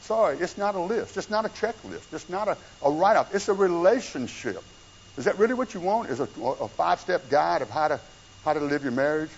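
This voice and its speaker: A male pastor preaching a conversational sermon, swinging between hushed low passages and raised emphatic ones. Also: animated, fairly quick, creaky, husky. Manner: conversational preaching with wide swings in pitch and loudness. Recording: dull lo-fi church recording with faint room sound.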